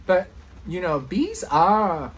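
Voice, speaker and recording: Giggly excitable woman vlogging, pitch swoops all over, takes her time, faint hum behind. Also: slow. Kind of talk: casual vlog chat.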